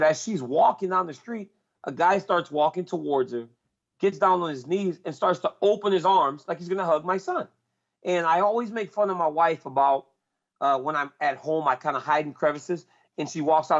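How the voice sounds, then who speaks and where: A man's voice: fairly high pitch, moderate pace, muffled recording. A man talking as a guest in casual chat, earnest and repeating himself as he searches for words.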